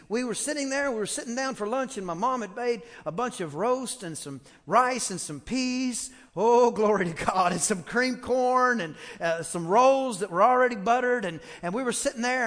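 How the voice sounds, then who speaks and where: A man preaching a storytelling sermon, animated, acting out the voices of others and shouting for emphasis. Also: high voice, in a large hall. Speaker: pastor. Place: church sanctuary.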